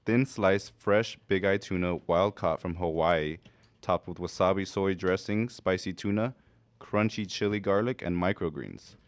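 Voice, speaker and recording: A man from a restaurant, describing dishes and their ingredients one by one in a steady, methodical way. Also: deep voice, normal speed, dry recording. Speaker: restaurant representative.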